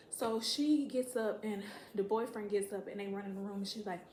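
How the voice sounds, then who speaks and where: A woman telling a story to camera in a casual, profane, animated way, acting out what people said. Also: mid-range voice, normal speed, hardly any pauses, slight background noise. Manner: profane, animated, acts out quotes. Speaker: storytime vlogger. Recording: echoey room.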